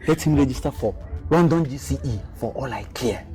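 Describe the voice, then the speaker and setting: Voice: mid-range voice, a little fast, mellow, close to an everyday voice. An actor playing an angry, defiant young son in a Nollywood drama. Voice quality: defiant, accusing, threatening. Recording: music under the dialogue.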